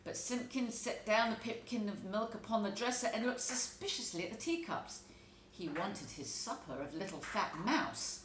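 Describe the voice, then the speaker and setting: A woman teacher reading a children's storybook aloud, telling it with expressive, animated delivery. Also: medium pitch, normal speed. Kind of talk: storybook read-aloud narration. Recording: echoey room, faint background noise.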